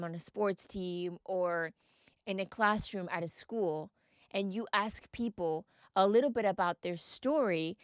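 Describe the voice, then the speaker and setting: A woman's voice: medium pitch, smooth, dry recording, studio quality. A woman hosting a podcast and talking straight to her listeners in an earnest, encouraging way, often putting questions to them. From United States. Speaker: podcast host and mindset coach. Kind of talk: reflective podcast monologue.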